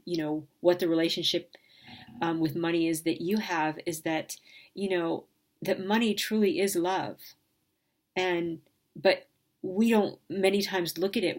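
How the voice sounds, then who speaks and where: A woman sharing a personal reflection in an earnest, emotional way, pausing often with fillers. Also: lowish voice.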